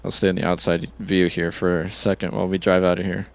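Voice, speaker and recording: A man's voice: low-pitched, little pitch movement, fast, gravelly. A man hosting a let's play, chatting casually and thinking aloud with an easygoing, chuckling manner. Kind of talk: casual gameplay commentary.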